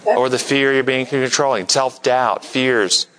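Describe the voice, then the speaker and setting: A man teaching a church group, asking lively questions and sometimes mimicking others in a high voice. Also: measured pace, a little hiss or hum, low-quality recording. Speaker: church teacher leading a class discussion. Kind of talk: interactive sermon with audience questions.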